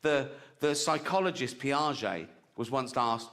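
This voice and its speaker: A man's voice: on the high side, expressive, moderate pace, sharp tone. A man performing stand-up comedy, brash and punchy, often chuckling at his own jokes.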